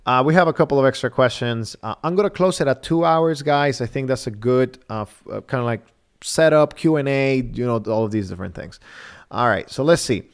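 A man's voice: medium pitch, brisk, clear, resonant tone. Rambling man hosting a phone review livestream. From Nicaragua. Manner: rambling, many fillers and restarts. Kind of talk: casual live-stream talk.

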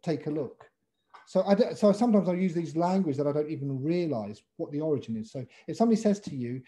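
A man with an English accent, a pitch coach teaching a webinar over a video call in a playful way, calling on participants by name. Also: lively intonation, quick pace, dark tone. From England.

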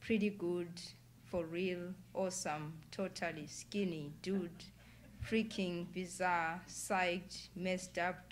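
A woman author reads from her own novel at an indoor public event. She sets each phrase down in a measured, deliberate way, her voice low in pitch. A faint room ambience sits behind her. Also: a little hiss or hum. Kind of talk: literary reading.

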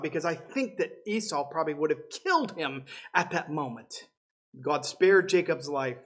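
A man's voice: a little high, expressive, normal speed, fairly bright tone. A man, a pastor, preaching an expository sermon and retelling a scripture story.

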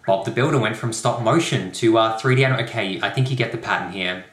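A young man hosting a comedic rant video, talking with sarcastic, deadpan asides. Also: fairly low pitch, fairly quick, few pauses. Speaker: YouTube host. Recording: roomy echo.

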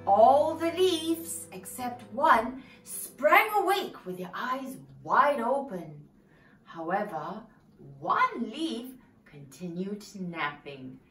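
A woman's voice: on the high side, very animated, slow. A woman storyteller leading preschool children through a story, coaxing them to join in and counting out actions. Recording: roomy echo from a distance, soft music.

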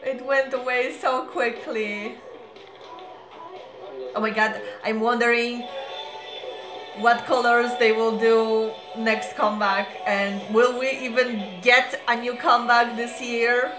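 A woman reacting to a video as a fan, gushing with excited exclamations and sounding sleepy. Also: a little high, slow pace. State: sleepy, just woke up. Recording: roomy echo with show music playing. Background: music from the video being watched.

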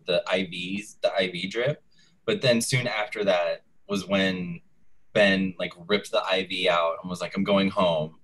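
A man's voice: sits low, fairly bright tone, poor audio. A man co-hosting a casual chat, thinking aloud as he recaps a soap opera. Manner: chatty, thinks aloud as he talks. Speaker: co-host.

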